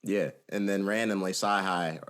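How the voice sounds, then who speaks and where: A man's voice: deep voice, steady tone, normal speed, a bit bright. A man chatting casually on a podcast, hesitant and trailing off with fillers. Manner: hesitant, trailing off with "like" and "you know". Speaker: podcast co-host. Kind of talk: casual chat.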